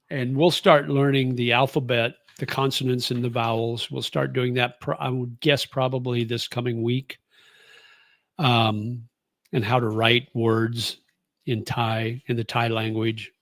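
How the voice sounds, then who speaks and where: A man's voice: medium pitch, a bit bright, no echo. A man in his sixties with a mid-range voice, talking in a loose, rambling way full of fillers and restarts. The sound is close and dry, with no room around it. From United States. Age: 60s. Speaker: vlogger answering viewer comments. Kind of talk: casual chat.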